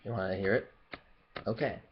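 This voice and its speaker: A young man from Memphis in the Southern US, speaking with no regional accent, hosts a casual Q&A YouTube vlog in a rambling way, stumbling over fillers and restarts. His voice is on the low side at a moderate pace, recorded lo-fi with a little hiss or hum.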